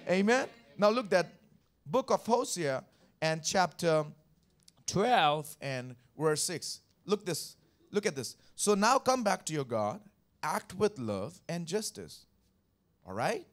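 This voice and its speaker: In a slow, high-pitched voice full of big pitch swings, a man preaches as pastor on Sunday. His style is emphatic and repetitive: he repeats key phrases, asks the congregation to respond, and works through scripture verse by verse.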